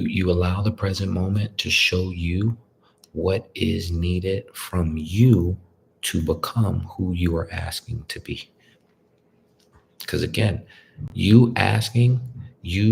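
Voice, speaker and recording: A man's voice: sits low, gravelly, darkish tone, a little hiss or hum. A man giving a casual spiritual talk, conversational and repetitive, often checking in with "you feel me". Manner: conversational, repeats "you feel me", colloquial grammar. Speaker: spiritual speaker.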